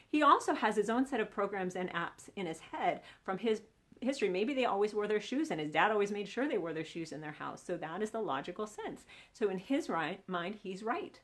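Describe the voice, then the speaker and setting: A woman's voice: medium pitch, expressive, normal speed, fairly bright tone. A woman relationship coach giving an earnest teaching talk, explaining and asking her audience questions.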